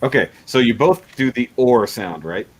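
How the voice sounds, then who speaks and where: A man's voice: mid-range voice, animated, normal speed, breathy edge, rough recording. A man hosting a casual livestream chat, rambling and laughing often. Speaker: livestream host.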